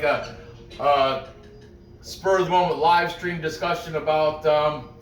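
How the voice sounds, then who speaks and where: A man's voice: fairly high pitch, fairly bright tone, recorded from a distance. Rambling, joking man in an echoey room. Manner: rambling, joking, laughs often. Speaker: podcast host comparing fight picks. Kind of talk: casual chat.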